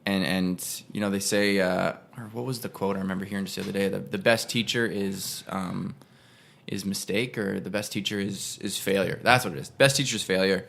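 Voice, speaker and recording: A man's voice: low voice, steady tone, fairly quick, vocal fry, fairly bright tone. A young man, an actor, casually telling a personal story on a podcast and rambling with frequent self-corrections. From Canada. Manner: rambling, self-correcting, acts out voices in quotes.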